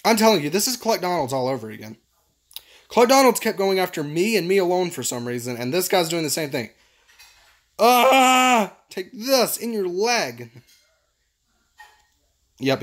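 A man hosting a gaming video, commentating with excitable, exclamatory energy. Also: on the high side. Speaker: gaming channel host.

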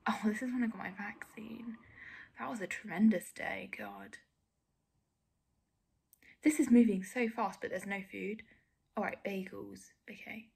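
A young woman vlogger reacts to her own old clips in a casual, self-critical way. Her voice has a gravelly fry and a husky edge, and she often sinks to a near whisper. Her pitch sits in the middle for a woman. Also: lively intonation, unhurried, long pauses, darkish tone.

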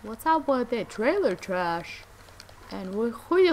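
A young woman hosting a let's play, commenting with exasperation, muttering and then yelling. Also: mid-range voice, big pitch swings, slow pace, vocal fry. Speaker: gaming channel host.

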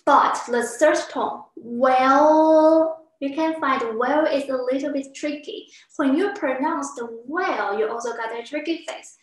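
Female teacher, high and unhurried, patient, demonstrates sounds with exaggerated pitch; roomy classroom sound. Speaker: Chinese language teacher.

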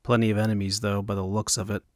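A man voicing a wary, grumbling male sellsword who mutters his lines low and dry. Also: little pitch movement, normal speed, dry recording, close to an everyday voice. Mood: sardonic.

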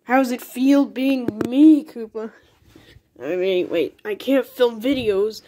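Brief: slow, mellow-voiced woman doing goofy homemade toy-cartoon voices, pitched a bit high. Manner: playful, goofy, talks with many restarts. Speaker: toy cartoon creator voicing all the figures.

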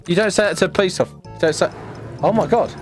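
Cheeky high-voiced gamer man. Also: rapid-fire. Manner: cheeky, teasing, laughs often. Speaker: gaming video host. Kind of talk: playful commentary while playing a VR game. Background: background music.

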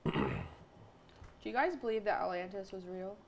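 A woman guest at a home dinner who talks softly and asks curious questions, with dishes clinking. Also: mid-range voice, expressive, measured pace, slight background noise. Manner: soft-spoken and curious, asks lots of questions. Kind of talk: casual dinner chat.

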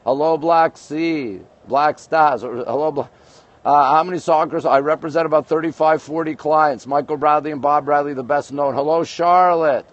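A man's voice: a little high, steady tone, muffled recording. Chatty Canadian man on a phone stream. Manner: greeting viewers rapidly, chatty and joking. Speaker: livestream host. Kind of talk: casual livestream chat. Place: outdoors, overlooking a city skyline at night.

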